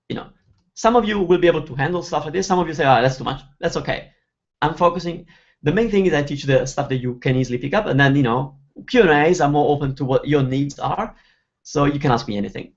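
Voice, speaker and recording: A slightly high, gravelly male voice, teaching in a loose, chatty way during a live webinar. He breaks each phrase down word by word. The audio is dull and lo-fi. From Italy. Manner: chatty, explains words one by one with examples. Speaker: Italian teacher hosting a webinar. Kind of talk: live online Q&A lesson.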